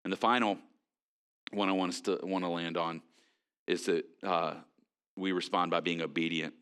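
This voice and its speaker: A man with a lower-pitched voice delivers a sermon as a pastor. His delivery is conversational and animated, with frequent fillers and quick restarts. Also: clear, resonant tone.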